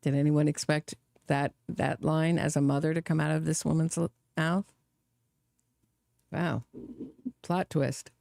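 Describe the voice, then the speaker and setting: A woman's voice: low-pitched, steady tone, slow, creaky, long pauses, a little mellow, no echo, clean studio sound. A woman hosting a live true crime stream, reacting with sarcasm and scorn.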